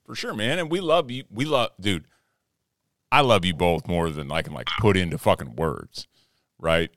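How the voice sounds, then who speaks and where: A man's voice: sits low, lively intonation, moderate pace, a bit bright, dry recording, studio quality. A man podcast host reassuring an old friend in casual chat, swearing freely.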